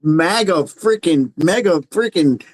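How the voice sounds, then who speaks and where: A man's voice: fairly high pitch, expressive, slow pace, no echo, rough recording. A man co-hosting a casual livestream, telling stories animatedly and swearing casually. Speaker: livestream co-host. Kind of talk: casual chat.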